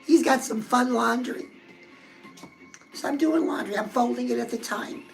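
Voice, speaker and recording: A woman hosts a love and dating advice talk in a high, gravelly voice. She chats in a confiding way, as if to a close friend, while faint music plays underneath. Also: moderate pace, poor audio. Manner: chatty, confiding, addresses listeners as girl. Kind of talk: casual advice talk to viewers.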